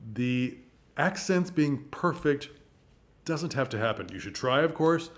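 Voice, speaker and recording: Chatty man giving theater advice. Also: medium pitch. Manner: chatty, coaching, encouraging, with rhetorical questions. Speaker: theater channel host. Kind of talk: casual advice monologue.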